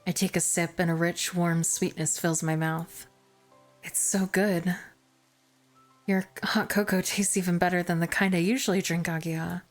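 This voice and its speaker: A woman streamer reading a visual novel aloud, narrating in first person with expressive, self-mocking asides. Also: fairly low pitch, moderate pace, faint music behind.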